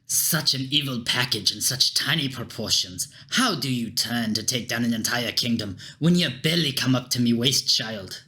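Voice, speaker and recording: A man voicing a stern, armored male soldier with a Scottish accent and a gruff, formal manner. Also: medium pitch, expressive, moderate pace, hardly any pauses, bright, forceful tone.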